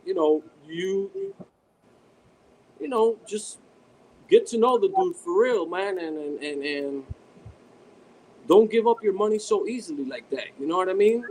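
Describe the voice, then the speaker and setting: A man talking casually as a guest, his slightly high voice tripping over repeated words. A faint hum of noise sits behind him. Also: expressive, measured pace, pauses often, darkish tone, rough recording. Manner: rambling, stammering, repeats words. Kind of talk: casual chat.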